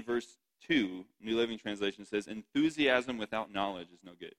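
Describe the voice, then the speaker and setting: A man's voice: lowish voice, bright, forceful tone, poor audio. A man giving a sermon, reading scripture and chatting to the congregation with frequent laughs and "right?" asides. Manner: chatty, laughs often, asks the audience "right?". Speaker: preacher.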